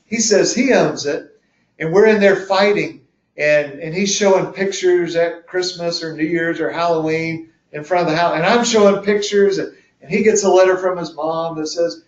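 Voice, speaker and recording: A man presenting a legal webinar in a conversational, folksy way, acting out courtroom examples as he explains the rules. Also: a little high. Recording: echoey room, distant mic, dull lo-fi.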